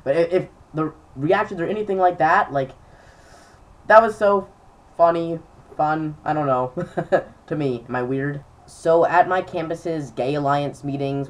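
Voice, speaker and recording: Recorded from a distance, a young man with a mid-range voice talks casually to camera. He's a vlogger telling chatty stories loaded with fillers.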